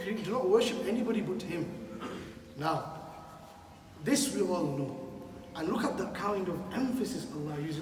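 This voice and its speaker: Heard from far off in an echoing mosque hall over a noisy background, a man with a high voice preaches as imam. He speaks emphatically, repeating his main phrases and asking the listeners questions.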